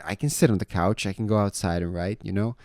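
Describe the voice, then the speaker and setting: A laid-back young man talks straight to the camera, his voice low and mellow with a smooth, clear tone. He tells his stories loosely and swears freely, tossing in "man" and "you know" often. When he retells a story he gets loud and animated. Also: fast talker, no echo, clean studio sound. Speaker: vlogger. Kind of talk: casual storytelling monologue.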